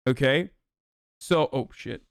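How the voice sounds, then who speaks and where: A man's voice: medium pitch, slow pace, vocal fry, no echo, clean studio sound. A young man streaming political commentary, ranting with exasperation and a lot of swearing.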